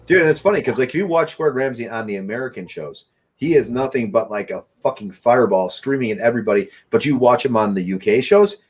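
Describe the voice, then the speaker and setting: A man's voice: medium pitch, expressive, fast, husky. A man hosting a podcast in casual chat, laid-back and profane, laughing often and filling with "you know". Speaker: podcast host.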